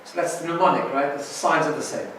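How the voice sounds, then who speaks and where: A man's voice: a little high, very fast, a bit bright, far from the mic, a little hiss or hum. Chatty rabbi man in an echoey room. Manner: chatty, keeps asking "right?". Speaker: rabbi teaching a class. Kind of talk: informal Torah lesson.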